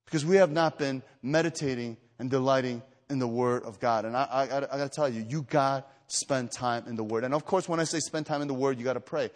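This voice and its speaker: A man's voice: mid-range voice, fast talker, few pauses, big-room sound. A man preaching a sermon to a retreat gathering, telling stories with lots of fillers and restarts, then building to emphatic exhortation. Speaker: pastor.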